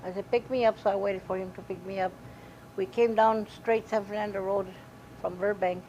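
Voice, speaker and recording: Animated woman telling a family story. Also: mid-range voice, normal speed. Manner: animated storytelling, quoting dialogue. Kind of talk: documentary interview recollection. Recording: dull lo-fi recording with faint hiss.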